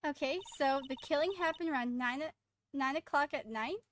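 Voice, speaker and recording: A woman's voice: high voice, normal speed, slight background noise, natural voice. A woman voicing an earnest young male defense lawyer in a courtroom game, pressing with questions. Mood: insistent. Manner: insistent, questioning. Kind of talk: reading game dialogue aloud.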